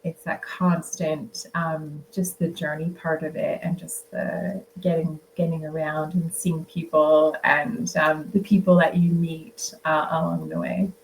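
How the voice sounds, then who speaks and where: Low pitched woman rambling about her travels, lots of ums, bit of hiss behind. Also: level tone, a little slow, gravelly, hardly any pauses, low-quality recording. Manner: rambling, lots of fillers and restarts. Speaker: author guest. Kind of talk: casual interview chat.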